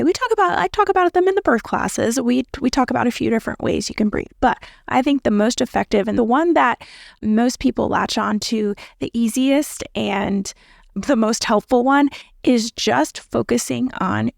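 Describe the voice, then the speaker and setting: A chatty American woman in her thirties hosts a podcast in an easygoing, instructional tone, full of "like" and "right?" and quick laughs. Her voice sits a little high and carries a gravelly fry, recorded close and dry with no room sound. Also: no echo. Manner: chatty, encouraging, laughs often, many fillers. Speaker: podcast host, labor nurse. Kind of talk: casual instructional podcast talk.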